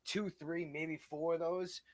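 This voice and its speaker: A man co-hosting a casual podcast, talking fights in an excitable way, swearing freely and often adding "you know what I mean". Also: fairly high pitch, unhurried, no room sound. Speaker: podcast co-host. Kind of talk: casual fight-talk chat.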